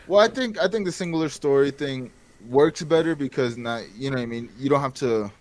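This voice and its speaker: A man co-hosting a casual pop culture chat, talking excitedly and laughing often. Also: medium pitch, fairly quick, low-quality recording. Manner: excited, laughing, quoting scenes. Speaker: co-host.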